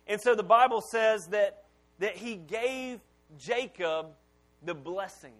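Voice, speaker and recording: Folksy high-voiced preacher man. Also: slow. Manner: folksy storytelling with acted-out dialogue. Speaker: pastor. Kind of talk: sermon.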